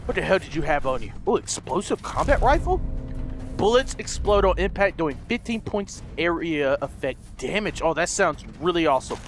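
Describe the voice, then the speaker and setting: A man giving manic let's play commentary, squealing in mock panic and dropping into low gruff mutters. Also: lively intonation, moderate pace, a bit bright, slight background noise. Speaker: gameplay host.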